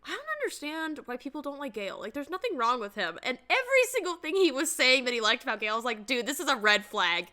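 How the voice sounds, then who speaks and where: Woman, bright voice, lively swoops, animated casual book chat, swears often. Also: sits high, fast talker, hardly any pauses. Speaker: podcast co-host.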